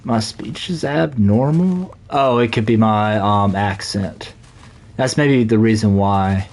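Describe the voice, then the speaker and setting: A young streamer from the Southern United States, with a Southern US accent, speaks slowly in a lowish, slightly mellow voice. He rambles casually with many fillers while playing a game live.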